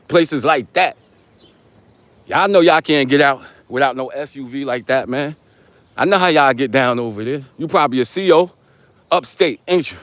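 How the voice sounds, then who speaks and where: A man's voice: mid-range voice, fairly bright tone, dry recording. A man in his forties with a New York accent, casually chatting on a live stream while walking and teasing viewers in street slang. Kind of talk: casual live-stream chat reading comments.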